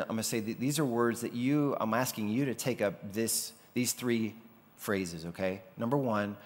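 Man preaching casually in a reverberant hall. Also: medium pitch. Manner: conversational preaching, acting out quoted voices. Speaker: pastor. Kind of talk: sermon.

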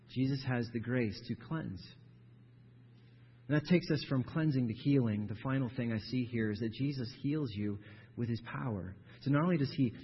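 Husky-voiced man preaching in a hall. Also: medium pitch. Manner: emphatic, builds to forceful stressed phrases, repeats words. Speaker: pastor. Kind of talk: sermon. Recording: dull sound with long hall reverb.

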